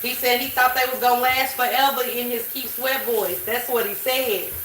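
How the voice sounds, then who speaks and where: A woman's voice: a little high, fairly even intonation, moderate pace, fairly bright tone, slight background noise. A woman hosting a livestream, reading chat and joking loosely with plenty of swearing. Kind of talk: casual chat. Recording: echoey room, mic at a distance.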